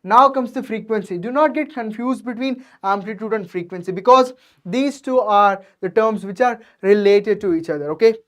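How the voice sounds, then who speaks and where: A woman's voice: medium pitch, moderate pace. A woman teaching a science revision lecture, explaining step by step and checking in with her students after nearly every point. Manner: addresses students directly and checks understanding.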